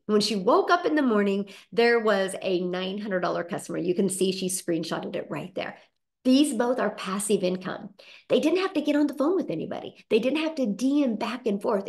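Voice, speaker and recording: A middle-aged woman hosting a webinar, giving an enthusiastic, persuasive sales pitch and talking straight to her audience. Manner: upbeat, persuasive, addresses audience as "you guys". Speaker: webinar host.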